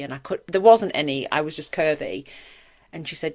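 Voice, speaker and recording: A woman's voice: low voice, fairly quick. A woman in her forties, co-hosting a podcast in earnest, reflective casual chat. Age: 40s. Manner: earnest and reflective, talks in long run-on thoughts. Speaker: podcast co-host.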